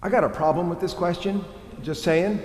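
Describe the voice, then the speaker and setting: A man preaching a sermon as a pastor, lively and humorous in a conversational way. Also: sits high, moderate pace. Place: church. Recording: echoey church hall with long reverb.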